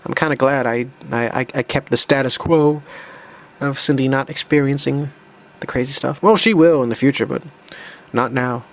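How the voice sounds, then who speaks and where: A young man casually talking through an old draft of his own comic, rambling and restarting often. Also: medium pitch. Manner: rambling, halting, with many restarts. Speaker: comic creator. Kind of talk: casual commentary.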